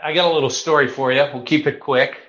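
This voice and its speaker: A man in his fifties telling a story in an animated, chatty way, with fillers along the way. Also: fairly high pitch, quick pace. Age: 50s. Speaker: guest. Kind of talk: casual storytelling. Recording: roomy, slightly dull sound.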